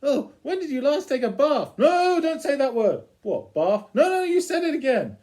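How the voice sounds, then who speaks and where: A man voicing an eager, scruffy male dog-man with a high, excitable voice. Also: normal speed. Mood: disgusted. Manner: high and excitable, pitched well above his own voice.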